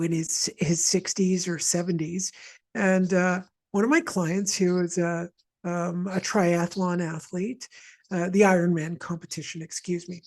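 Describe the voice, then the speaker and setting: A woman's voice: mid-range voice, a little mellow. Chatty woman from Montreal leading a wellness session. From Montreal, Canada. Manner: chatty, rambling, with many asides and restarts. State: mild asthma. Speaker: energy healer leading a session.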